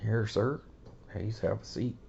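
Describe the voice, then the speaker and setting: A man's voice: fairly low pitch, unhurried, creaky, warm tone, slight background noise. A man hosting a card collecting channel in hesitant, casual chat full of fillers, on a dull lo-fi recording. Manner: hesitant, filler-heavy talk.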